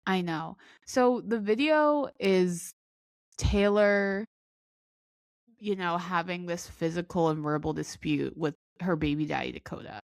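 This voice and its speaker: A woman's voice: fairly low pitch, unhurried, gravelly, no room sound, clean studio sound. A woman co-hosting a podcast, telling stories in casual chat with lots of fillers and acted-out quotes. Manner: animated storyteller, acts out quotes, many fillers. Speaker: podcast co-host.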